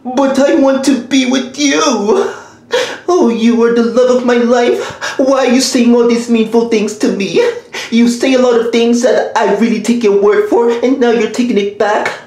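A needy video game cast as a dumped lover, as a woman voices her, begging melodramatically to be taken back. The voice sits fairly high, and the comedy skit is recorded in a very echoey room. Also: fairly even intonation, moderate pace, dark tone, natural voice. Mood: desperate. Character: jilted clingy video game as female lover.

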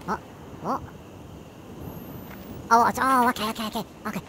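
A woman's voice: mid-range voice, expressive, brisk, long pauses, fairly bright tone, a little hiss or hum. Jumpy, swearing woman gamer. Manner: jumpy, swears a lot, nervous laughing. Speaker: let's play gamer. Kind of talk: horror game commentary.

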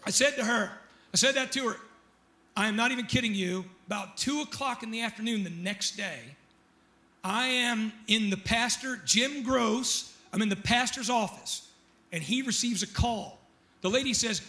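A middle-aged man preaching a sermon in church, his voice very high and ringing bright. He tells a story with jokes and asides, then climbs into loud, fervent prayer. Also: moderate pace. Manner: animated, joking storyteller who shouts at peaks. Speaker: pastor.

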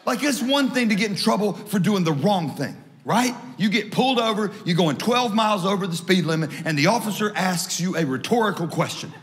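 A man preaching a sermon as pastor, joking with the congregation and rising to shouts at key points. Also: fairly quick, few pauses. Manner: humorous, animated preaching; rises to shouts at high points. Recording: long hall reverb.

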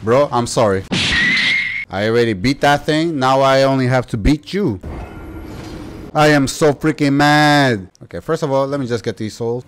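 A young man giving casual gameplay commentary as a YouTuber, excitable and slangy, yelping and talking back to enemies. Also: medium pitch, normal speed. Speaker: gaming YouTuber.

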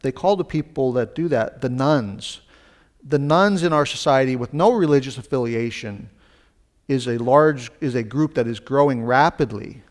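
Male pastor, sermon delivery, conversational with casual asides, lifts his voice to stress points. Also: on the high side. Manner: animated, rising emphasis on key points.

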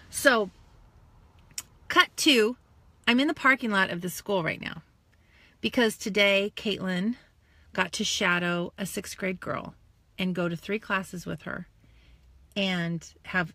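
A woman in her forties talks straight into her phone from a parked car, gushing and close to tears as she chats with her live viewers. Her voice is bright and forceful, and the sound is dry and close with no room echo. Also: fairly low pitch, gravelly. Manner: tearful, gushing and animated. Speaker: direct sales team leader. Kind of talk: emotional live video chat. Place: in a car in a parking lot.

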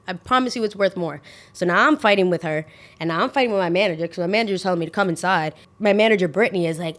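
Young woman, casual storyteller host, lively delivery that jumps up high when quoting people. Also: quick pace. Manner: animated, acts out quotes with big pitch jumps. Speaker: podcast host.

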